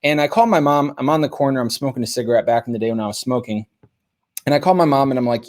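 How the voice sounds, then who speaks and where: Young male podcast host; casual, animated storyteller. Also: mid-range voice, quick pace. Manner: casual, animated, lots of fillers.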